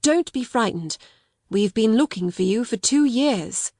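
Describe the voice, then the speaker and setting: A woman's voice: a little high, lively intonation, a little slow, darkish tone, no room sound, clean studio sound. A woman reading the part of a big, kind family father who speaks in an encouraging voice. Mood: gentle.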